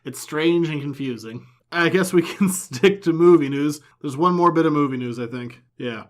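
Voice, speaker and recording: Guy on a pop culture podcast, sarcastic, animated, kinda high voice. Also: moderate pace. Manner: animated, sarcastic, reads quotes aloud with mocking emphasis. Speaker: podcast co-host. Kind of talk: casual chat.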